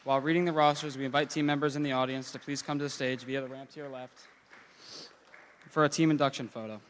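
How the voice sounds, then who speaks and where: A man's voice: medium pitch, fairly even intonation, a little hiss or hum. Formal male ceremony announcer. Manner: formal, measured. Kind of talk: reading announcements and roster.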